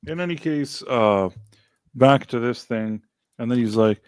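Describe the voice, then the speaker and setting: A man hosts a casual podcast chat, walking through a TV episode in a loose, halting way. His voice sits at an ordinary middle pitch. The recording is dry, with no room sound. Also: darkish tone, clean tone, dry recording. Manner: recaps scenes in a loose, halting way. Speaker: podcast host.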